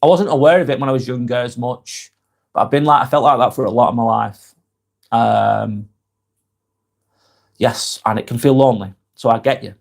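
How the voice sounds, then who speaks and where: A man hosts a live stream in a loose, conversational way. He speaks frankly, drops swear words casually without aggression, and rambles through his replies to viewers. His voice sits at an ordinary middle pitch. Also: steady tone, normal speed, vocal fry, long pauses.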